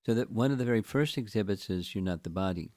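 A man giving a scripture lecture as a spiritual teacher, speaking in a halting way with frequent restarts and repeated words. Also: on the low side, a little mellow, dry recording, studio quality.

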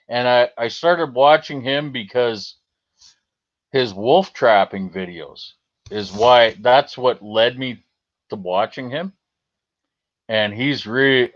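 Profane, unhurried Canadian man streaming. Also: medium pitch. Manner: profane, rambling, reading and answering chat. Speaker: livestream host. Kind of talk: casual livestream chat. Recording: slightly dull lo-fi stream audio.

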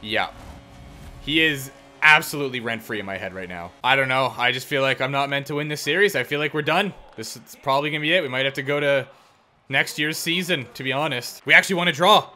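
A young man commentating his own hockey video game play, excitable and self-deprecating, yelling at big plays. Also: mid-range voice, fast talker, slight background noise. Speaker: gaming YouTuber. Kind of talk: live gameplay commentary.

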